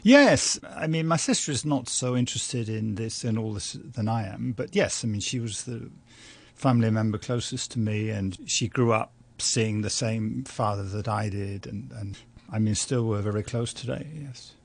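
An older man, a journalist and writer from London, telling a family story in an interview at a measured, reflective pace. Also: lowish voice, gravelly, husky. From London, England. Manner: measured, anecdotal, with small restarts and light laughs.

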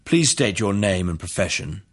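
A man's voice: fairly low pitch, lively intonation, husky. A man doing a composed defense lawyer. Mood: formal. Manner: measured, formal questioning.

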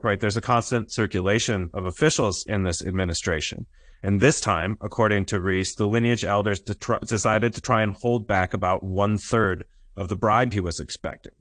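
A man's voice: on the low side, no room sound. Lecturing man with a dry, close sound. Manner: explanatory, frequent "uh" and "right?" checks. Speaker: history lecturer. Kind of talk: academic lecture. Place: lecture recording.

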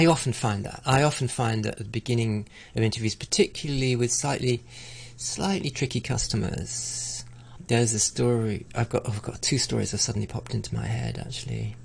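A man's voice: medium pitch, creaky, slightly rough. A middle-aged man in a conversational interview, talking reflectively with frequent restarts and stammered repeats. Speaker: interviewee, arts broadcaster.

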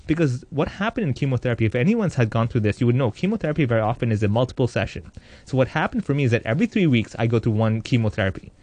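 Fast-talking man telling a joking life story. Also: mid-range voice, dry recording. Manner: animated, joking, acts out voices in quotes. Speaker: interviewee. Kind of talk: candid personal storytelling.

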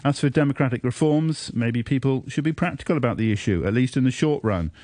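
A male radio talk-show host who reads out listener messages and introduces his guests, speaking in halting phrases with many "uh" fillers. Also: medium pitch, darkish tone, no room sound. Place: radio studio. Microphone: studio microphone.

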